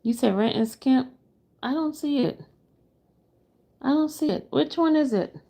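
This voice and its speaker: Exasperated woman with a gravelly edge. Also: sits high, a little slow, dark tone. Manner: exasperated, talks to her viewers as she browses. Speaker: commentary streamer. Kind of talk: reaction commentary to a livestream.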